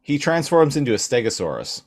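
A man co-hosting a podcast in relaxed, casual chat with some hesitant restarts. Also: medium pitch, fairly quick. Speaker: podcast co-host.

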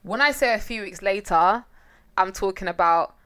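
A woman's voice: mid-range voice, expressive, normal speed, fairly bright tone, smooth. Laughing, blunt young woman. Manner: laughs often, blunt and swearing. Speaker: podcast co-host. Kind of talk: casual true-crime chat.

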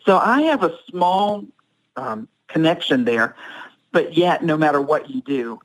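Lively, animated middle-aged woman coach. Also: low voice, a little slow, poor audio. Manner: animated, emphatic, teacherly. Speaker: podcast guest, speaking coach. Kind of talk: podcast interview, advice talk.

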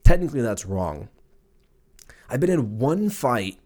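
A man in his thirties hosts a casual solo podcast, rambling and cursing while tossing in jokey asides and silly voices for quotes. His voice is medium-pitched and sing-song, with a dark tone and a slightly slow pace.

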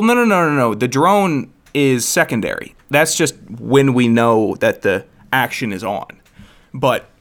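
Man, co-host, casual chat, playful, laughs a lot. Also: mid-range voice. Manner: joking, playfully scheming, laughs often.

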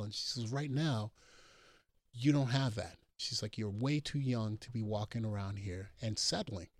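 A man's voice: lowish voice, normal speed, dry recording. A middle-aged man from New Jersey, a doctor guest on a call-in show, telling a personal story and acting out the dialogue.

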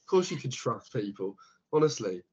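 A young man co-hosting a casual podcast, chatty and quick to swear and laugh. His voice is husky and a little breathy. The recording sounds dull and lo-fi. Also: medium pitch, very animated. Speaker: podcast co-host. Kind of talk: casual chat.

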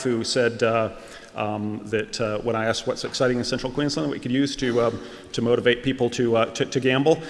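Halting man in an echoey hall. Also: medium pitch. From Australia. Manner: hesitant, many ums and uhs, joking. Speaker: prize winner giving speech. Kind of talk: halting acceptance speech. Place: large auditorium stage. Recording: echoey hall, faint noise.

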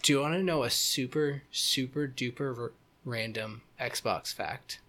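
A man's voice: mid-range voice, measured pace, sharp tone. A man in his thirties co-hosting a casual gaming podcast, rambling and joking with many restarts. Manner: rambling, self-correcting, joking. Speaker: podcast co-host. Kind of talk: casual chat.

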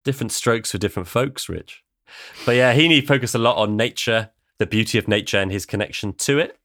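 Male podcast co-host, low pitch, relaxed wry explainer, dry close recording. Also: brisk, dry recording. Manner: chatty, wry, explains at length. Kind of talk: casual chat about poetry.

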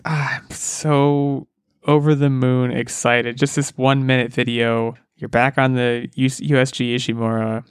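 Excited man rambling on a podcast, dry sound. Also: medium pitch, clear, resonant tone, no room sound. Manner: enthusiastic, rambling with restarts. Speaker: podcast co-host, game expert. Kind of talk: casual podcast chat.

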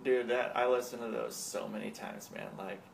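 A man's voice: mid-range voice, fairly even intonation, normal speed, vocal fry, background noise. A man hosting a podcast in casual chat, laid-back and slangy, swearing freely. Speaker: podcast host.

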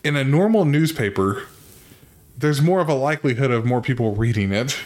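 A man's voice: medium pitch, expressive, brisk, darkish tone. Dry-humored young man, casual chat. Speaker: podcast co-host.

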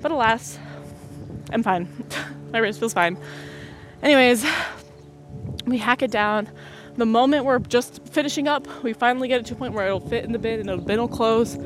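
A young adult woman hosting a podcast, telling a long story in an animated, sarcastic way with frequent laughs. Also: moderate pace, pauses often, music in the background. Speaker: podcast host. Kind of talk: casual storytelling monologue. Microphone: low-quality mic. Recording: noisy low-quality home recording.

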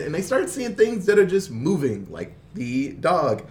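Animated man recapping a movie. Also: a little high, measured pace, few pauses. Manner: animated storyteller, laughs often, mimics characters. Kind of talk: casual movie recap chat.

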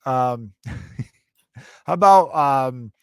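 A man tells stories with animated energy, swearing freely. His mid-pitched voice sits close and dry, with no room around it. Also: very slow, clear, resonant tone, no room sound. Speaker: stand-up comedian and podcast co-host. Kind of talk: casual comedic chat.

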